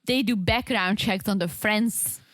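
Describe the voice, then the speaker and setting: A woman co-hosting a podcast, chatting casually and chiming in with quick agreement. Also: medium pitch, a bit bright, no echo, clean studio sound. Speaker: podcast co-host. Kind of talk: casual recap chat.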